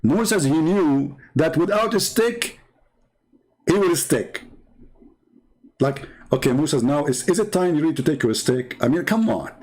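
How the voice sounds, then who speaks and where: A man's voice: a little high, animated, measured pace, a little mellow. A man who is not a native English speaker, hosting a commentary show in a mocking, sarcastic tone and broken English. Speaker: show host.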